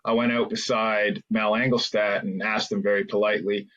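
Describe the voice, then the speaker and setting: A man's voice: on the low side, little pitch movement, moderate pace, a bit bright, dull audio, a little hiss or hum. A man, a former hockey player, rambling through anecdotes as a podcast guest, with many fillers and restarts. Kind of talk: casual storytelling interview.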